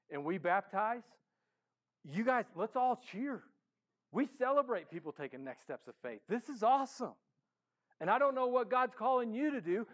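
A man preaching a sermon as a pastor in a church, casual and enthusiastic, swinging between hushed and loud. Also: sits high.

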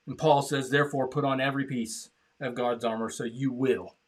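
A man preaching as a pastor, passionate, repeating phrases and swinging from loud declarations to hushed appeals. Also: mid-range voice, steady tone, moderate pace, slightly rough. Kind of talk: sermon. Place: church.

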